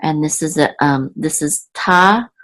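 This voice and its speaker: A woman teaching Biblical Hebrew word by word, patient and halting, often correcting herself. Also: low-pitched. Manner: halting, with many fillers and self-corrections. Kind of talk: slow, patient word-by-word lesson.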